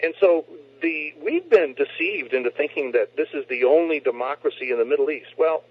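Fairly high-pitched and a little fast, this American man's voice has lively intonation as he earnestly lectures about his views. He's a talk show guest on the telephone, often breaking off and restarting his sentences in an opinionated interview.

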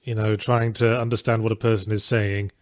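A man's voice: on the low side, brisk, dry recording. Casual male co-host, laid-back and chatty, dry close-miked sound. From Australia. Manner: relaxed, chatty, swears casually. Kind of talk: casual chat. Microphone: webcam and home mic in an office.

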